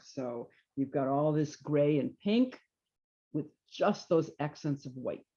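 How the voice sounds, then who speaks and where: A woman presenting knitting yarns and jackets to a small audience in a relaxed, chatty way, often trailing off with fillers and restarts. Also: sits low, slow pace, highs cut off. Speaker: yarn shop presenter. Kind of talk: informal trunk show presentation.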